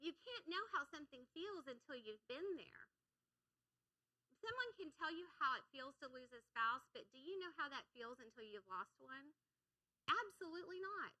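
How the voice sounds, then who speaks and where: Bright-voiced woman preaching a sermon. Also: high voice, animated, moderate pace, poor audio. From United States. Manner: earnest, repeats phrases for emphasis. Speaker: pastor's wife preaching. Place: church sanctuary.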